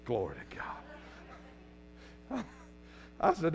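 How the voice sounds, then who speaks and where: A man with a Southern US accent preaching a fervent sermon as pastor in a church, often rising to a shout. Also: on the high side, wildly swooping pitch, measured pace, long pauses, soft background music. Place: church sanctuary.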